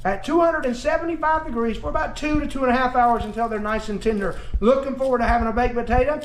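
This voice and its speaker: A man's voice: very high-pitched, quick pace, reverberant, slight background noise. A man chatting folksily as he demonstrates cooking in his home kitchen, joking as he goes. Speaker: cooking vlogger and preacher.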